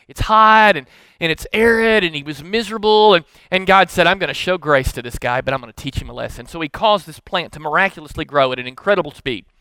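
A male pastor preaches in an earnest, conversational manner, often repeating words as he restarts. His voice sits high and sounds bright. The recording is dry and close. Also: clean tone, no echo. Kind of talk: sermon.

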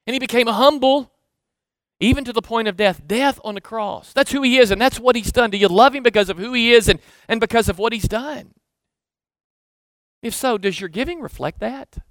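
High-voiced Southern preacher, dry sound. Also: male voice, moderate pace, no room sound. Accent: Southern American. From Southern United States. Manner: conversational preaching, rising to emphatic lists, dropping to hushed asides. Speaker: pastor. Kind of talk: sermon.

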